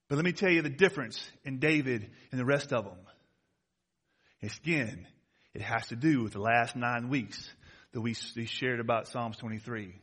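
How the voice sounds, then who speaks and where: A middle-aged man preaching a sermon as pastor, swinging from hushed moments to loud ones and quizzing the congregation with questions. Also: mid-range voice, moderate pace, slightly rough.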